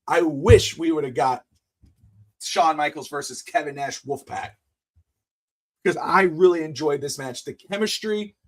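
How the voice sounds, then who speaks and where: A man co-hosting a wrestling podcast in casual chat, blunt and excitable, dropping to mutters and rising to near shouts. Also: on the high side, unhurried, pauses often. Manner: profane, blunt opinions. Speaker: podcast co-host.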